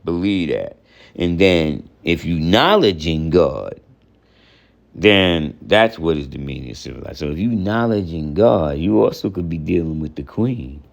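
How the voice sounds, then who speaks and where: A low-pitched, gravelly man teaches religious lessons in an informal spoken lesson. He rambles and repeats himself, counts off terms one at a time, and keeps checking in with the listener.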